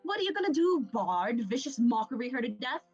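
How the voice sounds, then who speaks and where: A woman's voice: fairly high pitch, animated, moderate pace, highs cut off, faint music behind. A woman voicing a snide, insulting man who is half bard and half wizard, in a tabletop game. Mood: scornful. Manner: sneering, indignant.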